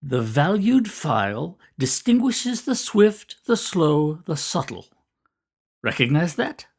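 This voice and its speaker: A man's voice: on the high side, very animated, slow, darkish tone, pitched above the performer's own voice, exaggerated voice. A man voicing a young, hearty male cannery boss with a Norwegian accent who speaks in effusive exclamations. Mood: theatrical.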